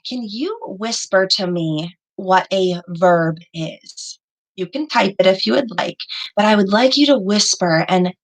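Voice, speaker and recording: A woman's voice: medium pitch, fairly bright tone, low-quality recording. A woman teaching young children in an online class over a video call, patient and encouraging, praising her students by name. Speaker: elementary school teacher.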